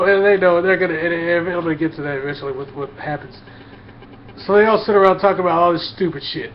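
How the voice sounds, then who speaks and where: Brief: crude ranting guy, blunt and repetitive, slightly high voice, muffled lo-fi recording. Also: a little hiss or hum. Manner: crude, blunt, repeats himself. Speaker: vlogger. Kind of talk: profane comedic rant. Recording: dull lo-fi.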